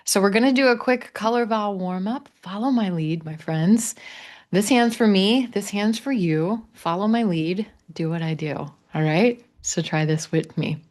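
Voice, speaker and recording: A man with a Missouri accent teaching English pronunciation in a live online class, modeling phrases slowly for learners to repeat. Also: high-pitched. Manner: slow, drawn-out model phrases. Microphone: video call.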